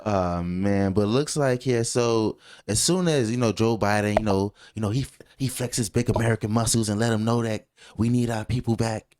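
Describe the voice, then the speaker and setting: A man co-hosting a casual podcast, talking in an animated, jokey, rambling way with many restarts. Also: fairly low pitch, normal speed. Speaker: co-host.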